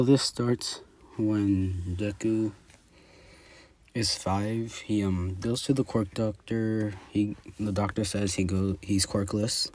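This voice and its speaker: A man casually telling his own fan-fiction story, unscripted and halting. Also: lowish voice, a little mellow.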